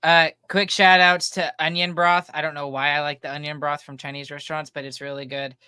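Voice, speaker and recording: A man's voice: a little high, flat delivery, fairly quick, bright, forceful tone, clear, resonant tone, no echo, clean studio sound. A man co-hosting a podcast who chats casually, laughs easily and often restarts his sentences. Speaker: podcast co-host. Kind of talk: casual chat.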